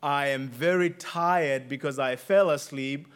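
A man's voice: mid-range voice, a bit bright, clear, resonant tone. A man with a noticeable accent preaching a sermon, earnest and emphatic, repeating key phrases for weight. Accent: non-native English accent. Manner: earnest, emphatic with deliberate repetition.

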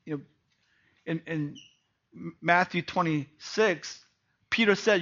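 A preacher gives a sermon on a Bible passage in a high, bright voice, taking it slowly. He fills his points with rhetorical and tag questions, swinging from a hush to loud emphasis. The recording sounds dull and lo-fi.

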